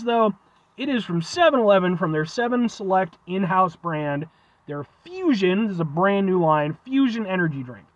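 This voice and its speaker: Male vlogger, congested, high-pitched, chatty and rambling, recorded in his truck on dull lo-fi audio. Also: dry recording. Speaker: food review vlogger. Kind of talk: casual vlog chat.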